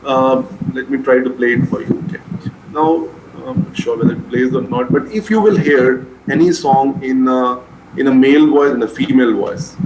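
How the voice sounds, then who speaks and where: A man's voice: medium pitch, moderate pace. A man giving a medical lecture, repeating key terms so students can write them down. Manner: repetitive, drilling key terms for exams. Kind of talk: classroom lecture. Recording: roomy echo, faint noise.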